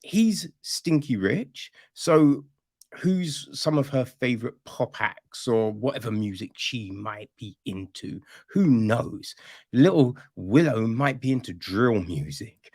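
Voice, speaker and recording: A man's voice: medium pitch, expressive, slow pace, darkish tone, dry recording, clean studio sound. A man reviewing a film on a podcast in a casual, sarcastic rant, swearing freely and rambling with restarts. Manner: rambling with restarts and "you know what I mean".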